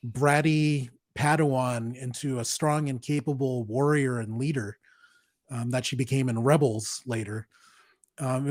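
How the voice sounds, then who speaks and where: A man's voice: mid-range voice, a little mellow, no room sound, clean studio sound. Enthusiastic man co-hosting a podcast. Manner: enthusiastic fan, laughs easily. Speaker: podcast co-host. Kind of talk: casual chat.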